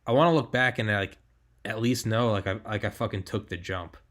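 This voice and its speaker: A young man hosts a podcast in loose, casual conversation. His voice sits a little low, and he talks with animated energy, swearing freely and breaking into laughter mid-story. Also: a little fast. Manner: animated, swearing, laughs while telling stories. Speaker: podcast host.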